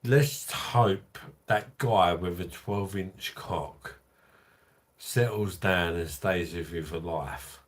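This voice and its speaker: Drunk male livestream host: deep, slow, crude and rambling. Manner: crude, rambling, reads out chat comments.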